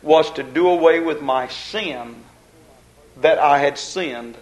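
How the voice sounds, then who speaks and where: A man preaching a sermon, repeating phrases in a rhythmic build and swelling to loud emphasis. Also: fairly high pitch, slow pace.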